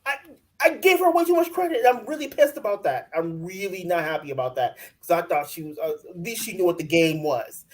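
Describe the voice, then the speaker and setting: Blunt, ranting woman with a low voice. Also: lively intonation, a little fast. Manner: blunt, exasperated ranting with mock quotes. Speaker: co-host of a reality TV recap show. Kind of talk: casual chat.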